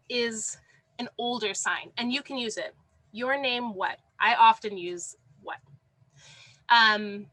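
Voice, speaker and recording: A woman's voice: on the high side, pushed and bright, dry recording, poor audio. A woman teaching a class over a video call from home, encouraging and praising students by name. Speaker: sign language teacher. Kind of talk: online class instruction. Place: home, with a dog under the desk.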